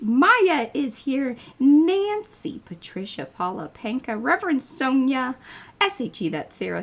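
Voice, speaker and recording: A woman's voice: on the high side, husky. A woman hosting an art livestream in her home studio, chatting playfully and teasing herself. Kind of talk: casual livestream chat.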